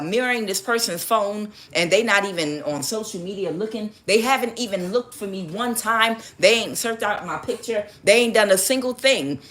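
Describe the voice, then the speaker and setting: A woman's voice: mid-range voice, fairly bright tone, voice pushed up, close to an everyday voice. A woman voicing an anxious, clueless man who complains that nobody has answered him. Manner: fretful, complaining.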